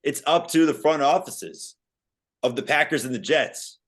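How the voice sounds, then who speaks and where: A man's voice: on the high side, unhurried. A young man co-hosting a casual sports podcast, quizzing his co-host.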